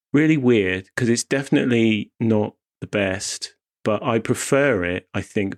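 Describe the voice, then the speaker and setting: Young guy w a bit of a wiltshire accent, lowish voice, rambly film chat w lots of little laughs. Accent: mild Wiltshire. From Wiltshire, England. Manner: rambling, self-interrupting, laughs often. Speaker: podcast co-host.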